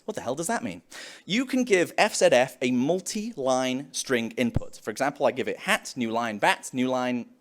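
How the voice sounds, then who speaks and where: A man's voice: mid-range voice, normal speed, slight background noise. A young man giving a live conference talk on developer tools, joking and acting out playful back-and-forth dialogue. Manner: animated, jokey, acts out playful dialogue. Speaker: conference speaker.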